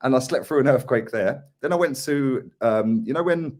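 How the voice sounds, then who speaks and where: A man's voice: mid-range voice, brisk, darkish tone. A man from England co-hosting a football stream, a chatty storyteller who tags his sentences with "yeah" and "mate". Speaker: co-host of a football live stream. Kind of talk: casual chat.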